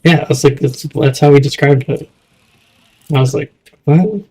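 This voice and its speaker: A man's voice: medium pitch, little pitch movement, normal speed, a little mellow, rough recording. A young man in casual chat, rambling and swearing, often trailing off mid-thought. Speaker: streamer.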